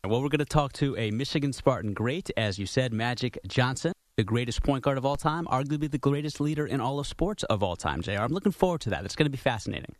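A man co-hosting a sports radio show, quick to agree and chime in with casual remarks. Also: mid-range voice, animated, dry recording. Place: radio studio. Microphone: studio mic.

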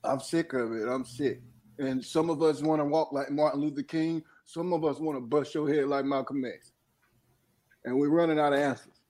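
A man speaking through tears in a group discussion, impassioned and halting, with a rough edge of anger. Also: a little high, steady tone, a little mellow. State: crying.

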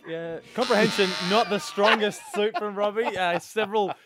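A man's voice: high voice, normal speed, over loud music. A man co-hosting a radio show, teasing and playful in casual banter, on a studio microphone. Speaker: radio co-host.

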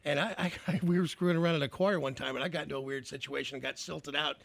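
A man's voice: a little high, steady tone, very fast, gravelly, no echo. A male radio host telling a story in a casual, rambling way, trailing off and starting over.

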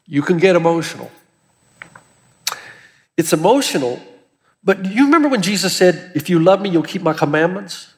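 A man's voice: high voice, expressive, moderate pace, pauses often. A male pastor preaching an earnest, emphatic sermon, lifting his voice on key words. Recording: long hall reverb.

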